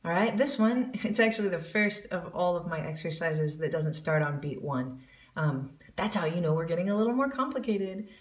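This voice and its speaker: A woman's voice: lowish voice, lively intonation, moderate pace, echoey room. A woman giving a jazz singing lesson, explaining the music and counting in before she scat-sings the examples. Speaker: vocal jazz teacher.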